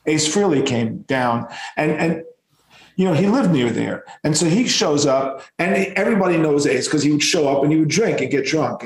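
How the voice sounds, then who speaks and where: A rock musician telling tour stories in a casual, animated and profane way. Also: male voice, fairly high pitch, reverberant, poor audio. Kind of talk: casual storytelling.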